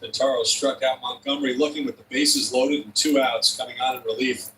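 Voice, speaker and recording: A man calling a baseball game as play-by-play announcer, reading off stats in a steady delivery. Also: medium pitch, fairly quick, recorded from a distance, slight background noise, low-quality recording. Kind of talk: baseball commentary.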